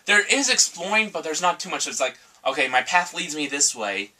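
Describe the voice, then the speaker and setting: Male co-reviewer, blunt and profane, mid-pitched and bright, picked up from across the room. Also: very animated, brisk. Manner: blunt and profane, mock-quotes in a sarcastic voice. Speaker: game reviewer. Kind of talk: casual review chat. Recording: voice from far off the mic.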